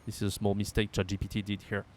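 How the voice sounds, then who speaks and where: A man's voice: lowish voice, completely flat delivery, fast talker. A man with a French accent teaching French in an online lesson, repeating phrases aloud and explaining them with many fillers.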